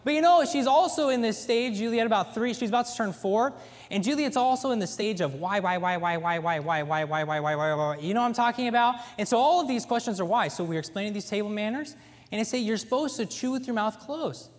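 A man in his thirties preaching a folksy sermon in a church, telling stories with animated emphasis. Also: extremely high pitch, fast. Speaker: pastor. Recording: echoey church hall.

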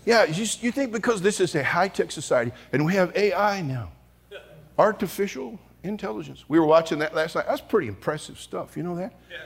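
A man preaches to a big hall full of young people, spinning comic stories with lots of bounce. His voice sits high for a man, and he swings from quiet, slow asides to loud shouted climaxes. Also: gravelly, slightly rough. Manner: animated, comic, shouts at peaks. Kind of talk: storytelling sermon. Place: large church auditorium before an audience.

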